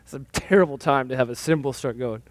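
A man's voice: mid-range voice, quick pace, dry recording. A male pastor giving a sermon in a conversational, self-deprecating storytelling manner.

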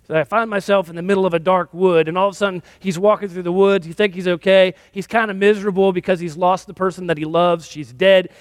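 A man's voice: high-pitched, fairly even intonation, fast, hardly any pauses, no echo. A male pastor giving a sermon in a conversational, self-deprecating storytelling manner.

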